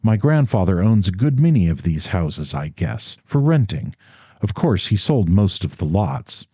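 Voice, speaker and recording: A man's voice: sits low, big pitch swings, unhurried, warm tone, husky, no echo, exaggerated voice. A man voicing a proud, blunt young man who lectures haughtily in an audiobook. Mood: lecturing.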